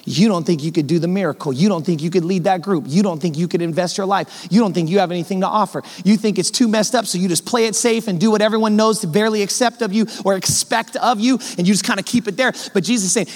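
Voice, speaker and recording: High-voiced man preaching in a reverberant hall. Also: fast, hardly any pauses. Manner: fervent preaching, swinging between loud emphasis and hushed, low asides; colloquial, direct address to the congregation. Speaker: pastor. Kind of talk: sermon. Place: church sanctuary.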